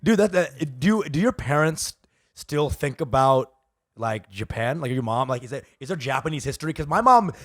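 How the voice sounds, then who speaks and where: A man's voice: mid-range voice, animated, moderate pace, no room sound, clean studio sound. A young man co-hosting a comedy podcast, chatting casually with crude, teasing jokes. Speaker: podcast co-host, stand-up comedian.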